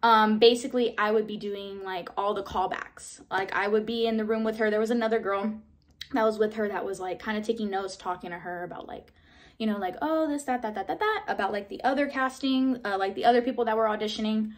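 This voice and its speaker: A young woman in her twenties telling a casual vlog story, chatty, full of "like" and mild swearing, jumping into excited high bursts when she replays her own reactions. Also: a little fast. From Southern California. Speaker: vlogger.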